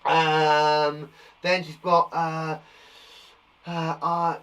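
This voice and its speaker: Animated, enthusiastic male teacher. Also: fairly high pitch, normal speed, poor audio. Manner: enthusiastic and encouraging. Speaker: primary school teacher. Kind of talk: live online lesson for young children. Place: garden shed.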